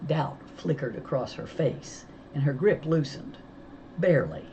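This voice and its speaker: A woman reading a children's novel aloud, telling it with lively storytelling. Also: sits low, measured pace, dull audio, a little hiss or hum. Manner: lively storytelling, voicing characters. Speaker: audiobook reader.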